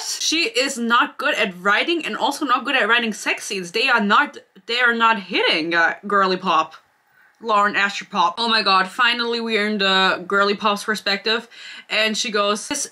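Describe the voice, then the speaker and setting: A woman's voice: mid-range voice, moderate pace, pushed and bright. A woman giving a casual book review vlog, sarcastic and blunt, often giggling.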